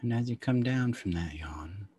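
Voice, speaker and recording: Male meditation guide, very low voice, calm and unhurried, long pauses. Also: a little hiss or hum. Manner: slow, calm, soft-spoken with long pauses.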